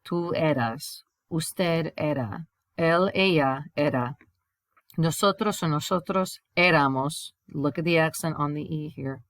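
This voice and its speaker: A woman with a low voice talks through a recorded grammar lesson, explaining each step and reading example sentences aloud before translating them. The sound is dry and close to the mic, with no room around it. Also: measured pace, a bit bright, dry recording. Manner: explains step by step, reads examples in Spanish then English. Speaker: Spanish teacher.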